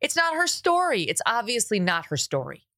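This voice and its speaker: A woman's voice: fairly high pitch, huge pitch swings, moderate pace, pushed and bright, no echo, studio quality. A woman hosting an interview podcast, talking bluntly and emphatically with an incredulous edge. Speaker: podcast host.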